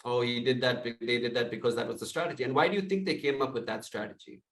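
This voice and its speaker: Loud energetic man coaching sales, roomy sound. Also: mid-range voice, fast, distant mic. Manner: loud, energetic, acts out sample calls. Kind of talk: sales training talk.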